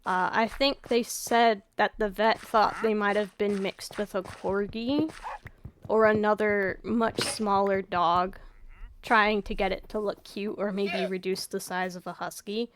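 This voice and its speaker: A woman's voice: steady tone, unhurried. Gamer girl rambling over gameplay, raw tired voice, kinda trailing off, swears a bit, faint hiss behind. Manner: rambling, low-key, swears casually, trails off. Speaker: gaming YouTuber.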